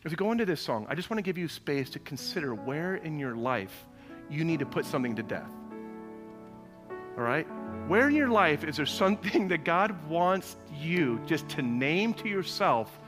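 Pastor preaching live in a big church hall: a man with a lively, bouncing delivery who acts out the people he quotes. Long reverb, soft music underneath. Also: a little high, normal speed. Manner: animated storytelling with playful voices for quoted people. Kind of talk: sermon.

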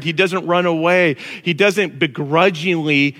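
A man preaching a casual, animated sermon to a congregation. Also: a little high, moderate pace. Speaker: pastor. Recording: long reverb of a large hall.

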